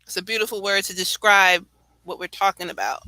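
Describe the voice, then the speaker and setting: A woman with a New York accent, very bright and crisp in tone, chatting casually late at night. Her talk is animated and rambling, full of asides and frequent laughs. The sound is close and dry, with no room around it. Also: medium pitch, a little fast, dry recording, low-quality recording. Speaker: co-host.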